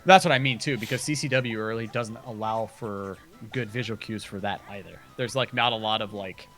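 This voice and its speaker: A man casually commentating a speedrun race, chatty and quick, with plenty of fillers. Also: fairly low pitch, a bit bright, faint music behind.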